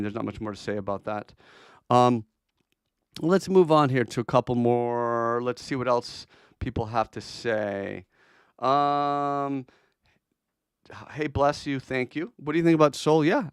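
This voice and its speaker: Guy doing a chatty crypto stream, blunt takes, smooth clear voice, dry close mic. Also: medium pitch, moderate pace, dry recording. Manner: chatty, blunt, answers chat requests, many fillers and restarts. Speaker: crypto trading livestream host. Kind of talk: casual livestream chart commentary.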